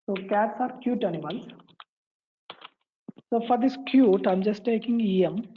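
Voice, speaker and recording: A woman walking through a coding tutorial, pausing and repeating phrases as she types. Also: medium pitch, lo-fi sound, a little hiss or hum. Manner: halting, repeats phrases while typing. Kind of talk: screen-recorded coding tutorial.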